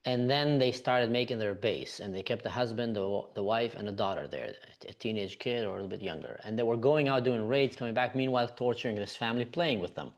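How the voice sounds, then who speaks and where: A man's voice: medium pitch, fairly quick, hardly any pauses. A man from Israel, a podcast guest, earnestly recounting events with frequent "you know" fillers.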